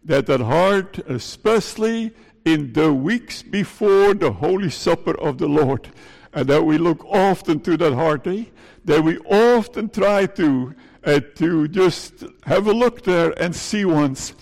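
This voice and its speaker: Earnest pastor preaching in a gravelly voice. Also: male voice, a little high, animated, a little mellow, long reverb tail. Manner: earnest, halting, with frequent "eh?" and repeated phrases. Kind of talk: sermon.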